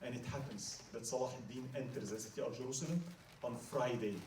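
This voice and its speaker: A man's voice: mid-range voice, fairly quick, a little mellow, a little hiss or hum. A man telling a story in a dramatic lecture, often asking the audience "right?", in a hall at an Islamic center. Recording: roomy hall, mic at a distance.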